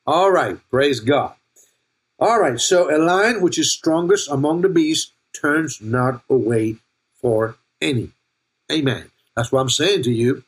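A man's voice: medium pitch, lively intonation, a little slow, breathy edge. An older man preaching a sermon as pastor, playful and jokey, calling out to his listeners by name and asking if they are listening. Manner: playful, jokey preaching with laughs and call-outs to the congregation.

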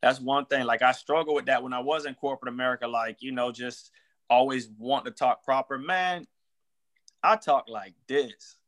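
A man's voice: mid-range voice, moderate pace, fairly bright tone. A man, a real estate wholesaler, chatting casually on a podcast in loose slang and acting out sample phone calls.

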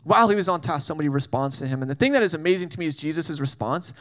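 High-voiced, animated young-sounding preacher man. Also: very fast. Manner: animated, jokey storytelling with acted-out asides. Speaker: pastor. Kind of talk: casual sermon.

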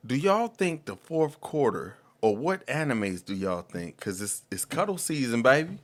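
A man hosting a casual podcast, animated and slangy, often repeating words as he starts a sentence. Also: medium pitch, normal speed. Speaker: podcast host.

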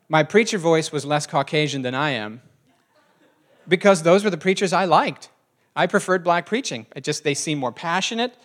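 A man's voice: a little high, lively intonation, moderate pace, a bit bright. A man preaching a sermon in a conversational way, often asking the congregation questions. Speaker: pastor.

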